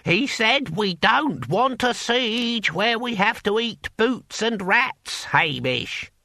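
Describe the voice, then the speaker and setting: A man voicing a very old, deaf male barbarian who shouts and cackles. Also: sits high, huge pitch swings, very slow, vocal fry, no room sound, studio quality, voice pushed up, exaggerated voice. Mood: bellowing.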